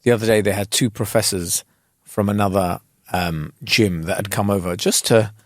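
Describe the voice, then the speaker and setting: A man, co-hosting a podcast and telling a story in a casual, animated way full of slang. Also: fairly low pitch, moderate pace, no room sound, studio quality. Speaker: podcast co-host. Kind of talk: casual chat.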